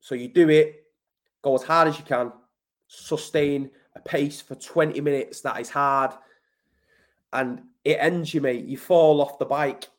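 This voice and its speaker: Brief: English man, Manchester, slightly high voice, blunt, emphatic, sweary, casual podcast guest. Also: steady tone, unhurried. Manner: blunt, sweary, emphatic, keeps saying mate. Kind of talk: casual conversational interview.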